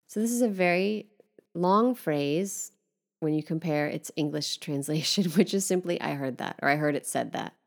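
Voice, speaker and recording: A middle-aged woman hosting a relaxed podcast French lesson, speaking gently and spelling words out letter by letter, sometimes dropping to a soft whisper. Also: low-pitched. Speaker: French teacher and podcast host.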